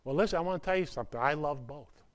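A man preaching a sermon in a conversational way, with asides, swinging from hushed words to loud emphasis. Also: fairly high pitch, racing. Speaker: pastor.

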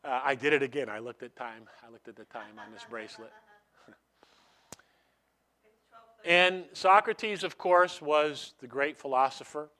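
A man's voice: on the high side, a little slow, pauses often, pushed and bright. A man preaching a sermon in a conversational way, repeating his key phrases and ending in prayer. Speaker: pastor.

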